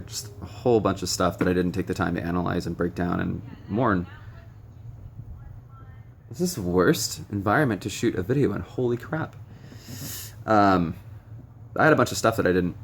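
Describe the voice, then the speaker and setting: This young man's low, gravelly voice delivers recovery advice straight to camera in a frank, meandering way, peppered with ums and blunt curses. A faint hiss or hum sits under the recording, and tapping and beeping drift through the noisy room.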